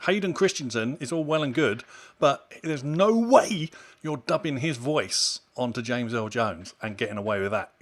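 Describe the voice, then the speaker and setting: A man's voice: medium pitch, animated, moderate pace. Emphatic man ranting on a podcast. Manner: opinionated, emphatic, rising to exasperated outbursts. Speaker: podcast co-host. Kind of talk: casual chat.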